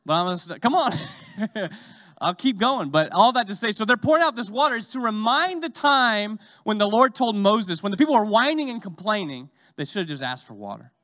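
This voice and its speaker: A man preaching a sermon, swinging from loud, fast urging to slow, hushed lines. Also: high-pitched, sing-song.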